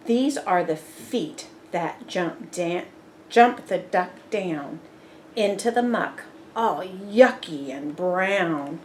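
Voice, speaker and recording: Woman reading to kids, very slow and patient, lively sing-song pitch, quizzes rhymes. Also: slight background noise. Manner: patient, praising, asks questions. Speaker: storybook reader. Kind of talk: children's read-aloud with rhyming quiz.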